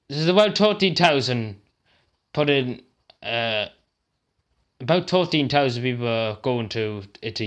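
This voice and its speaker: A man's voice: medium pitch, a bit bright. An Irish man ranting to camera as a vlogger, agitated and upset, close to tears, swearing and repeating himself. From Ireland. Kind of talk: angry rant to camera.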